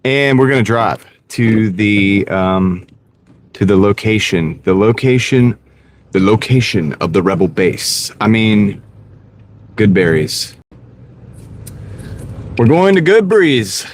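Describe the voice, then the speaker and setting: A gig delivery driver streams live from inside his car, with car road noise in the background. His lowish voice has lively intonation, but he talks slowly with long pauses, joking at his own expense and greeting viewers by name.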